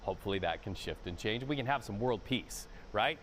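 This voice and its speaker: Low-voiced male news anchor. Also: lively intonation, brisk, fairly bright tone. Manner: light, joking sign-off. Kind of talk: broadcast news banter.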